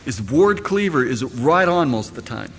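A man's voice: medium pitch, sing-song, moderate pace, slightly rough. A middle-aged man, a pastor, preaching a sermon and firing rhetorical questions at his congregation. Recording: echoey hall, faint ambience.

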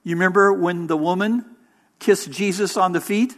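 A man preaching a sermon as interim pastor, measured and emphatic, with pauses for weight. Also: high-pitched, a bit bright.

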